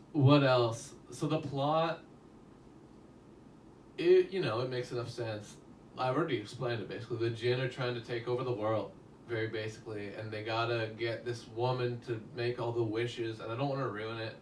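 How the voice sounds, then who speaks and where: A chatty, rambling man reviews a movie on a live stream, talking straight to his viewers and swearing now and then. His voice sits at an ordinary middle pitch. It sounds roomy and somewhat distant from the mic, with a faint hum of ambience behind it. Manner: rambling and chatty, swears casually, addresses chat directly.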